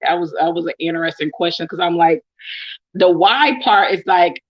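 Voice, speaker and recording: A woman's voice: fairly low pitch, normal speed, dull audio. A young woman with a Bay Area accent from Oakland, chatting casually to camera as she answers follower questions, laughing often with plenty of ums. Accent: Bay Area, California. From Oakland, California.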